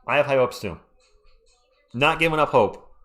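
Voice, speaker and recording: Fan streamer, male, voice going hoarse, lively swings in pitch; excitable play-by-play. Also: moderate pace. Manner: excitable, ranting about referee calls. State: losing his voice. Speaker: live stream host.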